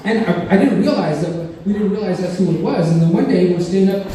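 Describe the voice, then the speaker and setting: A man's voice: high-pitched, fairly quick, mellow, distant mic. A man doing a rambling, self-mocking stand-up routine, heard from afar in an echoey club. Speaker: stand-up comedian.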